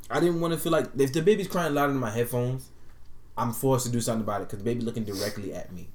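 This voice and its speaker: A man's voice: mid-range voice, racing. A man in a casual group chat, telling stories animatedly and swearing freely. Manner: animated storyteller, swears freely, acts out people in dialogue.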